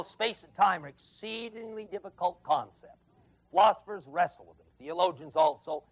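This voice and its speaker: This is a Bible teacher's emphatic lecture to an evening adult class at a college, captured on a dull, lo-fi 1970s tape in a dry classroom. The man speaks in a high, slightly rough voice with vocal fry. He hammers home key phrases by repeating them and laughs softly at his own anecdotes.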